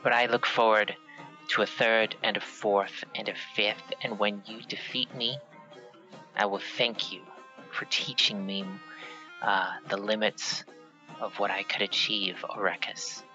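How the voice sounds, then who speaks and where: A man's voice: fairly low pitch, level tone, pushed and bright, highs cut off, faint music behind. A man playing a formal clawed warrior woman. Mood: courteous. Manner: formal, courteous, measured.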